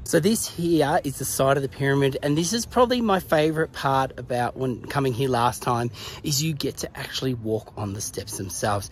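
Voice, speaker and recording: A man's voice: mid-range voice, moderate pace, a little hiss or hum. A man narrating a casual travel vlog outdoors at a pyramid site, chatty and laughing often, out of breath from the climb. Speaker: travel vlogger.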